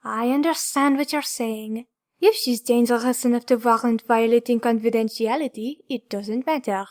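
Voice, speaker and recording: A woman's voice: on the high side, moderate pace, lightly acted. A woman reading a firm, guarded therapist. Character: firm female therapist guarding her session.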